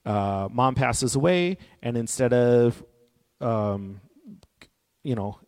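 A man giving a reflective, personal talk in an earnest, gently encouraging way. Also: medium pitch, animated, slow pace. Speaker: speaker on grief and healing. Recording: long hall reverb.

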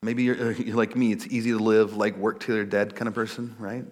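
A man in his thirties preaching a casual, animated sermon, acting out little quotes. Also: a little fast. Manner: animated, acts out quotes in a high voice. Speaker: pastor.

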